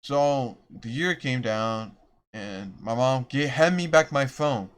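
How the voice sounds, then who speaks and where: A man's voice: medium pitch, lively intonation, slow pace, clean tone. A young man rambling through a storytime vlog, self-deprecating and restarting his sentences often. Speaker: vlogger.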